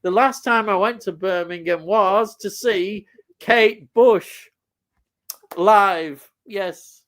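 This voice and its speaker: A man's voice: high voice, takes it slowly, fairly bright tone. A man co-hosting a casual live stream, chatting about classic TV and reading out viewer comments with frequent laughs.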